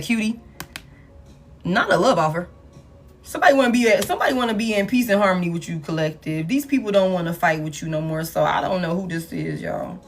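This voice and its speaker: Woman, tarot reader, live reading, blunt, profane, animated. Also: lowish voice.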